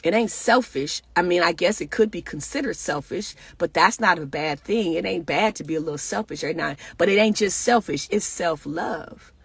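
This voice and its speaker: Husky-voiced woman pastor, chatty preachy talk, dry close sound. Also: lowish voice, brisk, hardly any pauses, no room sound. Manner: conversational, preacherly, talks back to listeners. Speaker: pastor and speaker. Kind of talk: casual motivational talk.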